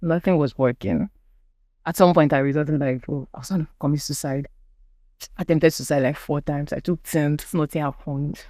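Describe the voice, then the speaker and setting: A woman's voice: sits low, steady tone, normal speed, warm tone, no echo. A young adult woman with a Nigerian accent, a podcast guest giving earnest personal testimony and acting out the people she quotes.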